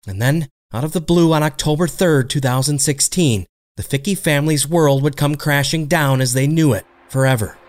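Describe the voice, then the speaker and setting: A man narrating a true-crime story in a measured, dramatic scripted delivery. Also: on the high side. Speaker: narrator and host.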